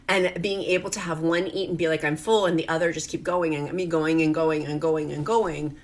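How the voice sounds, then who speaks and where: A middle-aged woman from rural Virginia, crying as she talks in a rambling, confessional vlog. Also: fairly low pitch. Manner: tearful, confessional, rambling with many "like"s. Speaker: vlogger. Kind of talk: emotional personal vlog.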